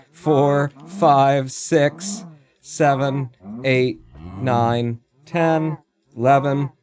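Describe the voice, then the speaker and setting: A man streaming a game live, thinking aloud, counting under his breath, chatting to animals and breaking into excited outbursts with casual swearing. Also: medium pitch. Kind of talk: live gameplay commentary.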